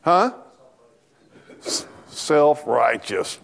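A man preaching an animated, folksy sermon in church, talking back and forth with the congregation and laughing along. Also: fairly high pitch, very slow, creaky. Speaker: pastor.

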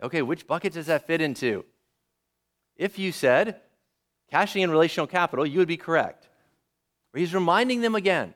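A male preacher delivering a sermon with a lively, animated voice that swings up and down. He is fairly high-pitched for a man and keeps turning to his listeners with questions. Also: fairly quick, pauses often. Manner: lively, asks the audience questions.

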